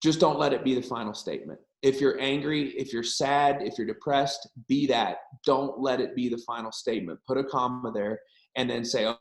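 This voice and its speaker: Earnest middle-aged pastor, echoey room. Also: male voice, mid-range voice, moderate pace, vocal fry. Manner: earnest, frank, repeats for emphasis. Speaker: guest pastor. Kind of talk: casual encouraging talk and prayer.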